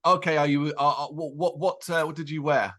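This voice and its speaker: A man's voice: a little high, fairly even intonation, sharp tone. Chatty male interview host. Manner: chatty, quick questions, stumbling restarts. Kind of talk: casual interview hosting.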